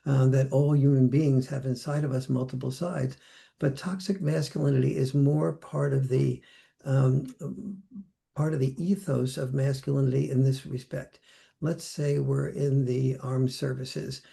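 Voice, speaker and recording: A man's voice: mid-range voice, gravelly, dark tone. An older man speaking reflectively as a podcast guest, now and then acting out the voices he quotes. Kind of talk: conversational interview.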